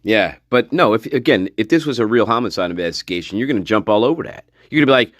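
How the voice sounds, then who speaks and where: Male livestream host: profane, scornful ranter with a lively, swooping pitch, laughs a lot, dry close sound. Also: fast, hardly any pauses, no echo. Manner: frequent laughter, trailing off into mutters. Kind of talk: livestream commentary reading chat.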